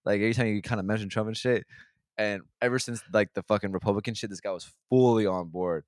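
Young guy with a low voice rambling thru a story, swears a lot, keeps restarting, dry close mic. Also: steady tone, fast, dry recording. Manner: rambling, profane, restarts often, mimics people in quotes. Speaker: podcast host. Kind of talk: casual storytelling chat.

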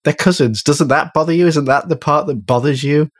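A man's voice: a little high, a little fast, no echo. A man chatting casually about a film, wry and joking, often laughing. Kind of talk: casual film review chat.

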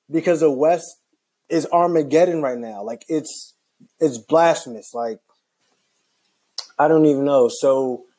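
A young man vents in a loose, rambling way, full of restarts and filler words. His voice sits a little high but sounds mellow and warm. He comes across irritated and animated throughout. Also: husky. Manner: animated, rambling, heavy use of "like". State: frustrated. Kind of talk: casual basketball rant.

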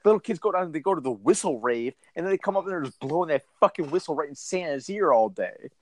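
A man's voice: fairly high pitch, fast. A man co-hosting a comedy podcast, riffing and swearing in a disbelieving, worked-up way. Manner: animated, profane, riffing incredulously. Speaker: podcast co-host.

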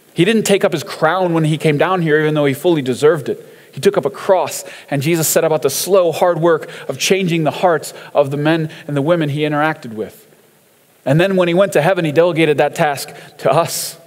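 Casual preacher man, slightly high voice, talky and loose, long hall echo. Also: a little fast, a little mellow. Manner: conversational, chatty, with frequent fillers and laughs. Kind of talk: casual sermon commenting on song lyrics.

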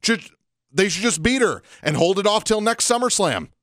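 A man co-hosts a wrestling podcast in a casual rant, his voice swinging widely up and down as he stresses each point. He talks on the high side for a man, close and dry on the mic. He drags out key phrases for emphasis. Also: very animated, normal speed, a bit bright, dry recording. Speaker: podcast co-host.

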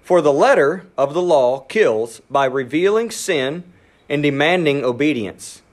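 A pastor preaches a sermon with animation, performing the voices inside people's heads. He speeds up, then sinks to almost a whisper to drive points home.

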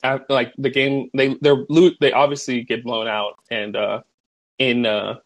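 A husky-voiced young man in casual podcast chat, retelling movie scenes. He laughs often and bursts into louder voices when he quotes characters. His pitch sits in the middle for a man. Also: little pitch movement, a little slow. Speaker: podcast co-host.

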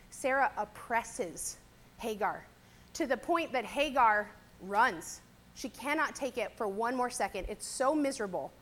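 A woman's voice: on the high side, fairly bright tone. A woman giving a casual Bible teaching talk, chatty and conversational, often checking in with "right?".

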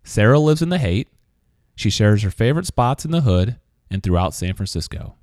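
A man hosting a podcast, reading a scripted introduction and then chatting with a guest in a relaxed, conversational way. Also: on the low side, normal speed, no room sound, studio quality. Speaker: podcast host. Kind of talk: scripted narration and casual interview.

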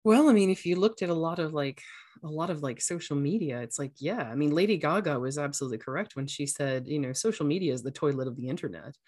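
A woman's voice: low-pitched, expressive, fast, a little mellow. A woman hosting a casual podcast, talking earnestly as a coach and acting out voices now and then. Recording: echoey room sound.

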